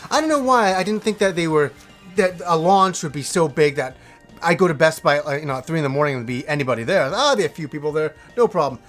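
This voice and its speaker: A middle-aged man hosting a show, telling a long rambling anecdote in a casual, animated way and swearing now and then. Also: fairly high pitch, fast talker, soft background music. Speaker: host. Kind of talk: casual storytelling to camera.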